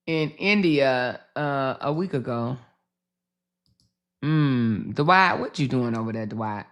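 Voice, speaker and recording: Slow, bright-voiced woman livestream host. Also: very deep voice. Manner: slow, chatty, swearing, talks to viewers. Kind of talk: casual commentary livestream.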